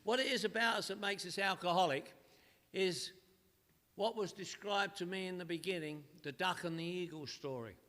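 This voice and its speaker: Older male speaker, high bright voice, punchy comic storyteller, reverberant hall. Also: moderate pace. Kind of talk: humorous recovery talk at a meeting. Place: meeting hall with a live audience. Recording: live talk in a reverberant hall.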